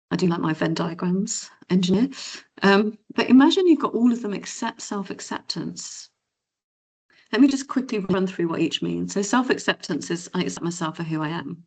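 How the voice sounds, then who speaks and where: A middle-aged woman delivers a motivational keynote in a conversational, coaching style. Her voice sits on the low side. She jumps into high, cheerful tones whenever she plays out the kind inner voices she describes. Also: gravelly, a little mellow, slightly rough. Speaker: keynote speaker and confidence coach. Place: event hall or conference room.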